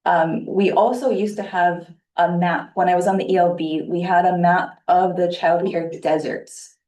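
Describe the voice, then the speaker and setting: A woman's voice: fairly low pitch, steady tone, darkish tone. Woman speaking far off in an echoey room. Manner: measured, thoughtful, with many fillers. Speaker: board member. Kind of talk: public meeting remarks. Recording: echoey room, distant mic.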